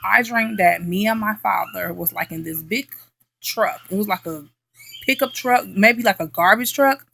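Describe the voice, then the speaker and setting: A woman's voice: mid-range voice, moderate pace, creaky, a bit bright. A woman vlogger telling a story in a casual late-night chat, emphatic and repeating herself, often checking in with "okay?".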